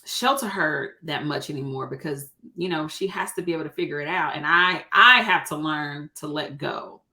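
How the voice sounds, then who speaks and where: Thirties woman co-host; bright tone, lower register, relaxed chatty delivery with laughs. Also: normal speed. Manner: chatty, laughs often, acts out quoted dialogue. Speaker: co-host, realtor. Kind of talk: casual chat.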